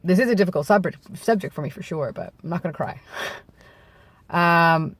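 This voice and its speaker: Speaking openly to his camera outdoors in bright daylight, a vlogger uses an animated voice on the high side, a bit bright, with no room sound. Vocal nodes give it a gravelly wear, and throat clearing leaves it a little hoarse. He reflects haltingly, often restarting and correcting himself.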